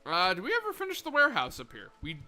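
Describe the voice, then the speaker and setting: Young male game streamer, muttery and profane with sudden outbursts, lively pitch, very bright voice. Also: fast, soft background music. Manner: muttering to himself, swearing, sudden excited outbursts. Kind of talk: live gameplay commentary.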